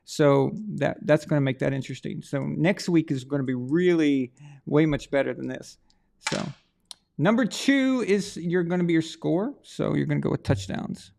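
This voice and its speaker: A man's voice: a little high, normal speed, vocal fry, darkish tone. A man hosting a live stream, chatting casually and rambling to his viewers while he runs a prize draw.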